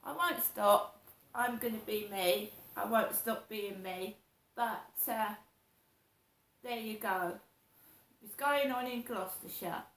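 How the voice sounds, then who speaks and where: A middle-aged woman telling a personal story in a slow, repetitive, aggrieved way. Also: medium pitch, a bit bright. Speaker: vlogger. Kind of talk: personal monologue. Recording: roomy echo.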